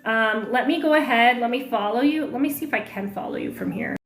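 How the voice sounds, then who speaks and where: A woman with a fairly high voice hosts a casual livestream, chatting with viewers and answering their questions. She talks loosely, with many fillers. The room is echoey, and faint music plays underneath. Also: fairly quick. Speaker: online marketing coach hosting a livestream.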